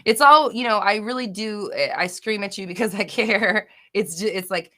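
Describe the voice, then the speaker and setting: A young woman hosts a live question-and-answer chat with a bright, forceful voice. She is expressive and loud by nature, curses casually and often pushes into passionate, shouty tirades. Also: medium pitch, normal speed. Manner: expressive, boisterous and loud, swears freely, bursts into shouty rants. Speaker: manifestation channel host.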